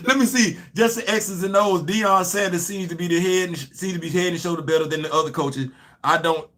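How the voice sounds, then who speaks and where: A man hosting a casual live-stream show, animated and laughing often as he chats about football. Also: sits high, brisk. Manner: animated, laughing often, Southern colloquial talk. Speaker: show host.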